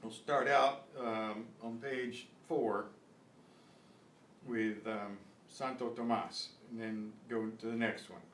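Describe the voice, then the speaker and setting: A man teaching a beginners Spanish class, patiently repeating words slowly for pronunciation drills. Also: fairly even intonation, a bit bright. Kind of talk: beginner language lesson. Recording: echoey room, voice from a distance, faint rumble.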